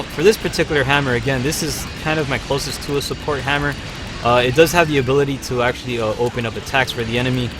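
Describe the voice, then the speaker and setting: Upbeat male streamer, loose talky game commentary, soft music bed. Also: mid-range voice. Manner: chatty, upbeat, frequent fillers. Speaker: livestream host. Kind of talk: live gameplay commentary.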